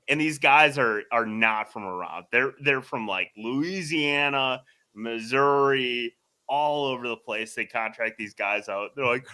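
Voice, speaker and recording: Bright-voiced man telling a story. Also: medium pitch, a little slow. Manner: animated storyteller, swears freely, laughs through the story. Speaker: podcast co-host. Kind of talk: casual storytelling chat.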